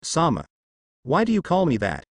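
A man voicing a newly risen young god who speaks smoothly but firmly. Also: fairly high pitch, wildly swooping pitch, moderate pace, dry recording, studio quality, pitched above the performer's own voice, heavily acted.

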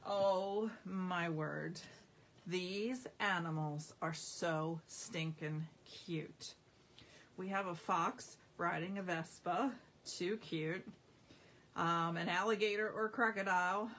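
A woman's voice: lowish voice, steady tone, slow, fairly bright tone, slight background noise. A woman hosting a live craft stream, chatty and easily amused as she shows off patterned paper at home. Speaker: craft demonstrator. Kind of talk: live-stream product showing.

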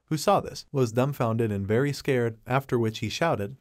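A man reading out a scripted comic recap in a steady, mid-pitched voice. He tells the story evenly and unhurried, delivering the characters' lines in his plain narrating voice. The recording is dry and close, with no room around it. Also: dry recording.

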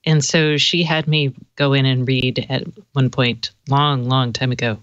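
A woman from the American South with a Southern accent, co-hosting a casual tech talk show, chatty and expressive. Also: a bass voice, a little slow, no echo, highs cut off. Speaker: podcast co-host. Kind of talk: casual chat.

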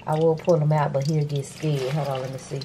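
A middle-aged woman vlogging in a chatty, animated way and talking straight to her viewers. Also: deep voice, a little fast, background noise. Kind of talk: casual chatty vlog.

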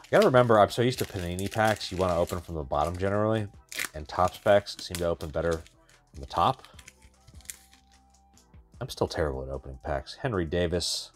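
Low-voiced man opening card packs. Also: a little fast, pauses often, faint music behind. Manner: chatty, wry running commentary, talks to himself. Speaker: card-breaking channel host. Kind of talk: casual pack-opening commentary.

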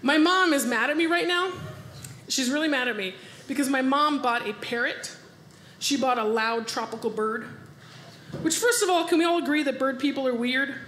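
A woman's voice: high voice, moderate pace, background noise. A woman comedian from the United States doing a stand-up set on a club stage, acting out voices and laughing along with her own jokes. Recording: roomy club with audience laughter. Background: audience laughter.

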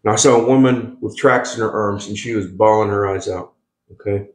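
A man's voice: on the low side, brisk. A male pastor preaching a sermon, emphatic, with call-and-response asides and frequent restarts. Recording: echoey room.

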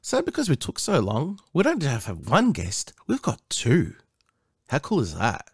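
A man's voice: mid-range voice, moderate pace, breathy edge, no room sound, clean studio sound. A man co-hosting a retro gaming podcast, chatting casually and joking with his guests. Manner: lively, jokey, laughs often. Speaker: podcast co-host.

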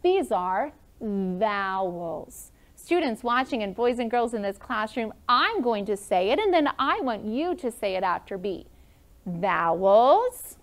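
Upbeat teacher woman with lively pitch. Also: normal speed, hardly any pauses. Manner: upbeat, encouraging, calls on pupils by name. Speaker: first grade teacher. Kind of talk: classroom lesson for students and viewers. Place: classroom.

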